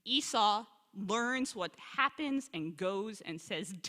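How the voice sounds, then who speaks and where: Slow, bright-voiced woman teaching in a hall. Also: mid-range voice. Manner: animated storyteller, quotes Hebrew and asks the room questions. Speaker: scholar in residence teaching. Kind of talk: lively teaching talk to a congregation. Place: synagogue sanctuary. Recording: long hall reverb.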